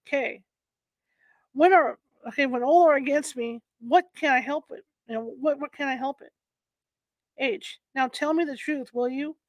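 A high-pitched woman reads an old court record out loud, line by line. She trips over the archaic phrasing and starts lines again. Her voice sounds dry and close. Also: no echo. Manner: halting reading, frequent restarts on old wording. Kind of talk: reading a historical court transcript aloud.

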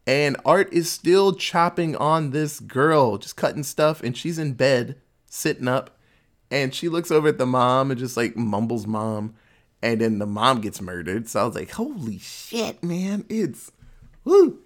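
A man casually retelling a horror film plot, cursing freely, dropping in asides and quick impressions of the characters. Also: mid-range voice, a bit bright. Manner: crude, profanity-laced storytelling with quick asides. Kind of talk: casual movie recap.

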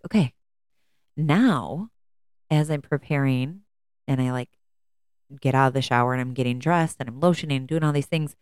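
A woman's voice: deep voice, a little mellow, no echo, clean studio sound. A woman in her thirties hosting a casual solo podcast, talking in a rambling, conversational way with frequent fillers. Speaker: podcast host.

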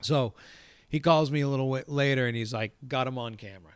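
A man's voice: medium pitch, a little fast, clean tone, no echo. Profane man telling a story, dry sound. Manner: profane, acts out quoted dialogue. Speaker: golf course crew boss. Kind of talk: casual storytelling.

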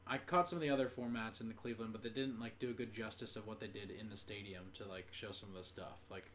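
A man's voice: fairly low pitch, fairly even intonation, quick pace, fairly bright tone, slight background noise. A man co-hosting a sports podcast, telling a story in a chatty way with lots of filler words. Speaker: podcast co-host. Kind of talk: casual sports chat.

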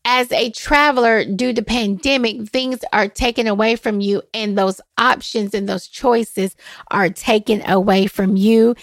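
A woman hosting her own travel podcast, talking in a chatty, animated way and chuckling often. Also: a little high, dry recording. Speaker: podcast host. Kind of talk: casual solo podcast talk.

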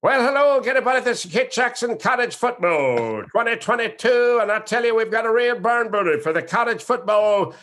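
A man in his sixties doing an impression of an older, folksy, excitable male football play-by-play announcer. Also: extremely high pitch, a little fast, few pauses, voice pushed up. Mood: excited.

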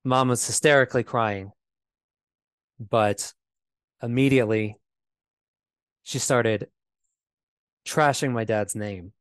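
A low-pitched man talks through a painful memory as an interview guest. His speech is halting and full of fillers and restarts. The sound is close and dry, with no room to it. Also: no room sound. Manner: halting, repeats himself, many fillers. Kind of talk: personal storytelling.

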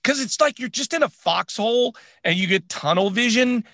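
A man co-hosting a podcast, talking candidly in a relaxed, chatty way. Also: very high voice, moderate pace, dry recording. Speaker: podcast co-host. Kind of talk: casual chat.

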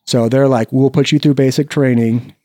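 Relaxed storytelling man from Iowa. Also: medium pitch, moderate pace, no room sound, clean studio sound. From Iowa, United States. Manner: animated storyteller who acts out the people he quotes; swears freely, peppers speech with "right?". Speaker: guest. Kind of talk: casual storytelling chat.

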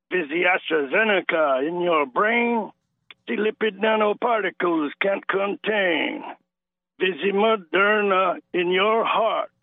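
A male caller doing an impression of a smug older elite villain, reciting gloating rhymes slowly. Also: high-pitched, no room sound. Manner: slow, gloating, sing-song rhyming. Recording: tinny phone line, dry.

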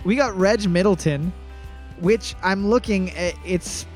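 A man's voice: sits high, measured pace, faint music behind. A man hosting a trivia show, joking and laughing often in comedic banter. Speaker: trivia host.

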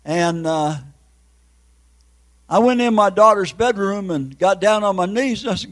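High-voiced emotional older preacher man. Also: measured pace, long pauses, a bit bright, rough recording. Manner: emotional, breaks into crying. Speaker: evangelist preacher. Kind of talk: emotional testimony sermon.

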